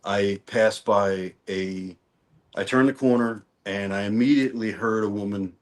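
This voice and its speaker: A man's voice: lowish voice, unhurried. A man from New Orleans, a songwriter guest in a casual interview, telling stories with frequent restarts and repeated words. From New Orleans, Louisiana. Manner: relaxed storytelling with many restarts and repeated words.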